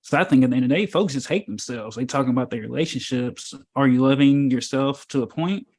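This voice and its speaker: A man of middle pitch talks as a spiritual teacher in a loose, preachy way. He rambles from point to point, stresses his words hard and keeps throwing out rhetorical questions and fillers. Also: fast talker, a little mellow. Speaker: spiritual teacher in an informal meetup. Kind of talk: casual preachy talk.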